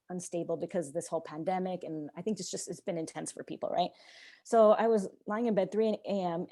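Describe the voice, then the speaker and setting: A young woman chats as a podcast guest, racing through a story at a quick clip. Her voice is warm and mellow rather than bright. She slips into the voices of the people she quotes and scatters fillers throughout. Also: on the low side. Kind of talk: casual podcast conversation.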